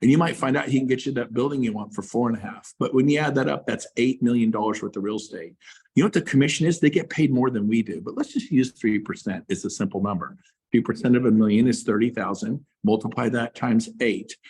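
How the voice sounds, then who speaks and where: A middle-aged man, a realtor, giving a passionate motivational talk with emphatic repeats and big swings in pitch and loudness. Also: fast, husky. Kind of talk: fired-up motivational speech.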